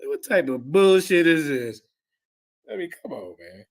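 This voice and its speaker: A man taunts his opponents in live commentary on debate clips, boastful and repetitive, calling out to his viewers. His voice sits high and lively, swooping up and down with a gravelly edge. He sounds cocky and relentless. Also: unhurried. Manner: boastful, mocking, repetitive, addresses chat as "y'all". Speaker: streamer reacting to debate clips. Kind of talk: trash-talking live commentary.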